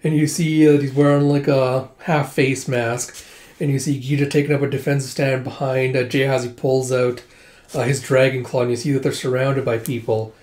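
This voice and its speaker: A man's voice: medium pitch, flat delivery, moderate pace, darkish tone, roomy sound. A man hosting a casual comic readthrough, chatting and reading the lines aloud.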